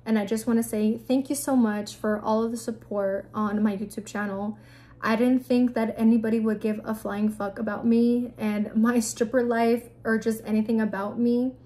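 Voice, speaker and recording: A woman's voice: fairly high pitch, little pitch movement, normal speed, warm tone. A young woman giving blunt, casual advice in a vlog, sprinkling her speech with "like" and swearing freely. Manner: blunt, frank, with frequent 'like' and profanity.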